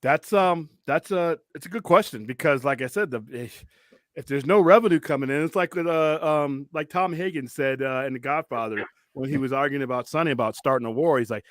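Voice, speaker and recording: A man's voice: a little high, a little fast, no echo. Rambling male live-stream host from California. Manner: loose and rambling, greets chat viewers. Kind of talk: casual live-stream chat.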